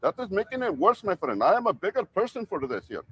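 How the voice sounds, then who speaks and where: A man's voice: high voice, big pitch swings, quick pace, a bit bright, husky, full character voice. A man putting on a fake Indian-style accent, playing a confrontational self-styled rights auditor who lectures and keeps repeating "my friend". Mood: scolding. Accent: put-on fake Indian-style accent. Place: outdoors by a church.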